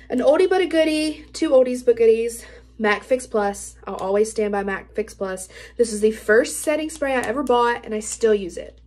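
Young woman, slightly high voice, casual gushing beauty vlogger, heavy on filler words. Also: darkish tone. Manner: bubbly, gushing, many "like" fillers. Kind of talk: casual product review. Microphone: camera mic.

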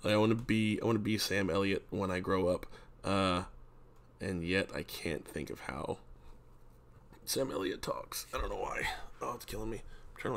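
A man's voice: low-pitched, slight background noise. A man rambling casually and self-mockingly into a close mic, trying out voices as he talks. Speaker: vlogger. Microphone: desk mic up close.

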